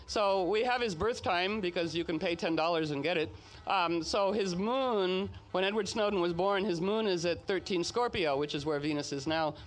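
Male host, animated storyteller, high voice, chatty asides. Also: moderate pace. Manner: chatty, animated, frequent "you know" asides. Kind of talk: casual spoken storytelling talk.

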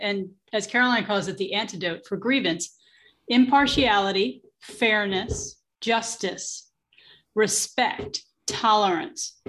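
A woman in a casual group chat, talking with enthusiasm and halting restarts. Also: medium pitch, fairly bright tone. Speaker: participant.

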